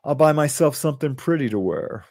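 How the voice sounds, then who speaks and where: Male livestream host, gravelly and dry, loose rambling delivery with chuckles. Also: on the high side, animated, darkish tone, dry recording. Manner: rambling, chuckling, halting restarts. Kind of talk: casual live chat, reading comments aloud.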